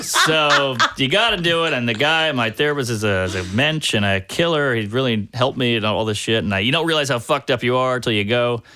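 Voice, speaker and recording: Bright-voiced man telling self-deprecating stories. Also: mid-range voice, brisk, hardly any pauses, a little hiss or hum. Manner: self-deprecating, profane, animated storyteller. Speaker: guest comedian. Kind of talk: casual storytelling chat.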